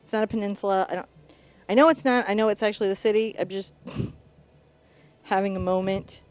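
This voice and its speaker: A woman's voice: mid-range voice, fairly even intonation, normal speed. Chatty middle-aged woman teaching painting. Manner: chatty, upbeat, narrates each brushstroke. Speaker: painting instructor. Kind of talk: live painting tutorial.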